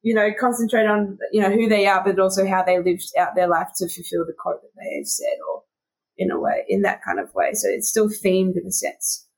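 A woman's voice: medium pitch, fairly even intonation, brisk. A young woman co-hosting a podcast in casual chat. She talks in a self-mocking way and laughs often. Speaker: podcast co-host.

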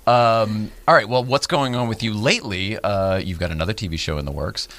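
A man's voice: lowish voice, a little fast, fairly bright tone. A man hosting a casual interview, chatty and often restarting his questions mid-sentence. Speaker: podcast host.

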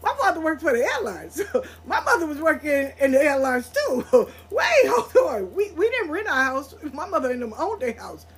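A woman hosting her own show tells a personal story with candid, profane frankness, often laughing mid-sentence, then growing quiet and reflective when the subject turns to healing. Her voice is high-pitched and very animated, at a normal speed with few pauses.

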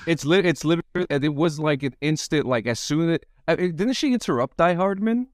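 A man co-hosting a podcast in casual chat, excitable and chiming in with short agreements. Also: on the high side, a little fast, dry recording, studio quality. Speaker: podcast co-host.

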